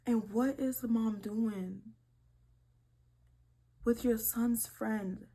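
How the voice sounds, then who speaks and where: A young woman hosting a casual vlog, reading posts aloud and reacting with animated disbelief and swearing. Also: fairly high pitch, drawn-out words. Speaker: video creator.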